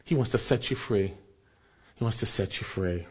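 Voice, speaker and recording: A male pastor preaching a sermon, rising for emphasis and then dropping soft. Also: lowish voice, moderate pace, husky, lo-fi sound.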